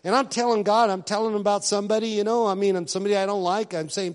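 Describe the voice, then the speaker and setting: Male pastor, somewhat high voice, relaxed storytelling sermon with asides, long hall reverb. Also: brisk. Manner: conversational storytelling preaching with asides.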